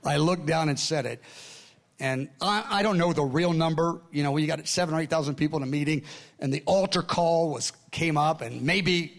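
An older man with a high-pitched voice tells stories from the pulpit in a loose, conversational way. He goes quiet and hushed at moments and often restarts his sentences. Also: moderate pace, vocal fry. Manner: conversational, acts out dialogue, laughs often; repeats and restarts, drops to hushed tones. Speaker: preacher. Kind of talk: storytelling sermon with notes.

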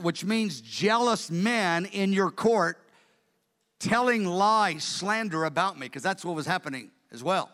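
A man preaching with animated, chatty storytelling, his voice high and bright. A long hall reverb trails every phrase. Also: a little slow. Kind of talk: sermon.

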